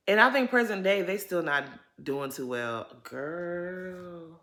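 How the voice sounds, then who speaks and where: Woman vlogger, bright tone, AAVE speech, animated and gossipy. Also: fairly low pitch, slow, hardly any pauses. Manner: animated, chatty, slangy commentary. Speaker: reality TV recap vlogger. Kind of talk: casual chat.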